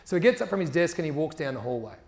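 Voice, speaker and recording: A man's voice: fairly high pitch, big pitch swings, racing, vocal fry. A man gives a storytelling talk, acting out the people in his stories and laughing often as he goes. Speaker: speaker.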